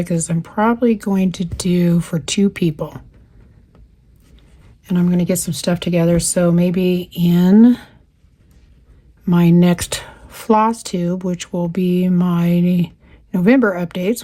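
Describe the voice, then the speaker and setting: This woman in her fifties talks in a warm, mellow tone as she chats through viewer comments in a casual craft vlog. Her voice sounds slightly worn, and she laughs easily between thoughts. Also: on the low side. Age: 50s. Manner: chatty and warm, laughs often. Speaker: craft channel host. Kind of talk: casual chat while stitching, reading viewer comments.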